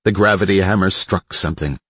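A man narrates a story in a deep, husky voice. His reading is measured and dramatic. The recording is dry and close, with no room sound. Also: bright, forceful tone, dry recording. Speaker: audiobook narrator. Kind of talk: scripted narration.

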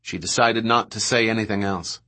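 A man narrating a novel in a calm, even storytelling manner. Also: fairly low pitch, normal speed. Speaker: audiobook narrator. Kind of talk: scripted narration.

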